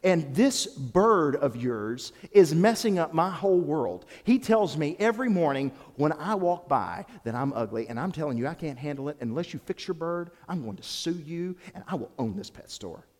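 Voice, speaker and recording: A man voicing a fed-up woman customer complaining in a quick, exasperated way. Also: on the high side, lively intonation, darkish tone. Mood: indignant. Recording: echoey hall.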